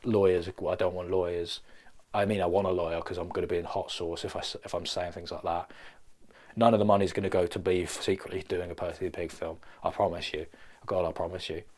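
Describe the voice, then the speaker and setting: A man's voice: low-pitched, flat delivery, brisk, darkish tone. A young man, a filmmaker, rambling through a playful, self-mocking comedy vlog. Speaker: filmmaker vlogger.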